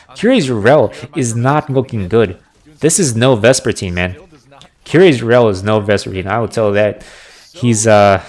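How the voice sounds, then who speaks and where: A man casting a video game match with live play-by-play, analytical and getting excited on big plays. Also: fairly low pitch. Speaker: esports caster.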